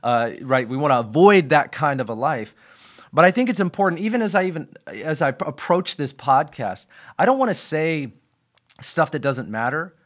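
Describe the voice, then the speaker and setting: A man's voice: fairly high pitch, expressive, normal speed. A man, a pastor, giving an earnest devotional talk on his podcast, stressing and repeating key phrases, with small slips and restarts.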